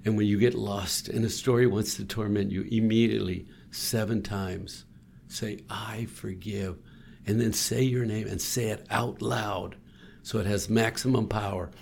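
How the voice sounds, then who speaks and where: Gravelly-voiced man leading a prayer. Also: on the low side, fairly even intonation, measured pace, darkish tone, a little hiss or hum. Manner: leads listeners in spoken prayer, earnest and pastoral. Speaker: co-host. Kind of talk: faith-based podcast conversation.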